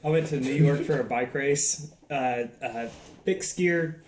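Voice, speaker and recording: A man's voice: mid-range voice, a little slow, darkish tone, echoey room, a little hiss or hum. A man with a Southern US accent telling profane, laugh-filled stories in a casual podcast chat. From American South. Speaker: podcast guest. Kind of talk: casual storytelling.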